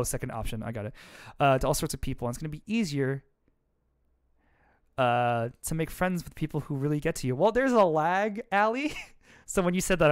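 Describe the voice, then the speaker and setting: A man streaming a dating game, reading a gentle dad's lines with playful asides. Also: medium pitch, no room sound, clean studio sound. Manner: playful, reads a gentle dad role with asides. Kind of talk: let's-play commentary and dialogue reading.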